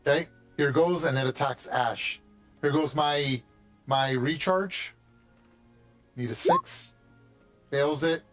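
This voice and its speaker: A man with a fairly high voice runs a tabletop game as game master. His talk is casual and chatty, with some light swearing. Faint music plays behind him. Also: takes it slowly, pauses often, fairly bright tone.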